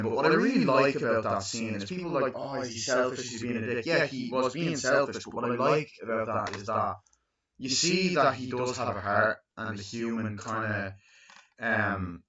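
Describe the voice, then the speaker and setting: A young man in his twenties recapping a movie in casual, profane chat, acting out lines in high voices. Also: normal speed, fairly bright tone. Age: 20s. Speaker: movie reviewer. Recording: echoey, distant, muffled room recording.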